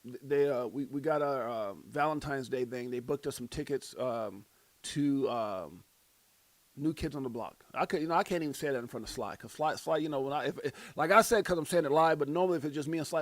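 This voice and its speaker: A middle-aged man hosting a crypto livestream in casual chat, hyped and joking as he gives shout-outs. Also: medium pitch, brisk, dry recording.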